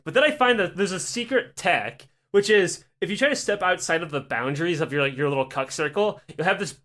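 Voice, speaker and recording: High, bright-voiced man telling rambling stories. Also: brisk. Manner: profane, rambling, animated anecdotes. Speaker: podcast co-host. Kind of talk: casual comedic storytelling.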